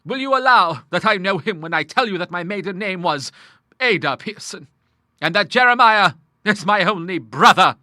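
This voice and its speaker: A grim, stern older woman, full of scorn, her voice pitched high and bright, as a male audiobook reader puts her on. She speaks with sharp, emphatic force and a lively lilt. The recording is close and dry. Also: moderate pace, dry recording, exaggerated voice. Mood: vehement. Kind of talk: audiobook character voice.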